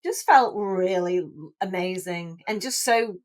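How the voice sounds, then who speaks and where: A woman's voice: mid-range voice, takes it slowly. A woman in her forties tells her own story as a podcast guest. She talks in a loose, chatty way, restarting sentences and sprinkling in "like" and "you know", and she sounds openly emotional. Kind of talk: casual chat.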